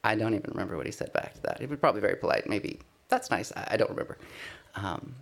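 A man's voice: fairly low pitch, animated, fast, gravelly. A man giving a conversational sermon, telling a personal testimony in an earnest, self-deprecating way. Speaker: speaker sharing a personal testimony.

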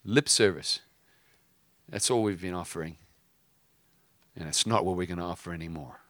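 In a deep voice and at a brisk pace, a preacher and host delivers impassioned preaching with fiery emphasis. He weaves stories and casual asides in among passages of scripture. There's no echo on the recording.

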